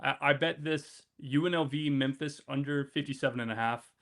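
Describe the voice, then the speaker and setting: Guest: man with a bright, sharp voice, stop-start and offhand about his betting picks. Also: medium pitch, fairly even intonation. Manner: halting, lots of fillers and restarts, offhand. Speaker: college football betting guest. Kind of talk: casual sports betting chat.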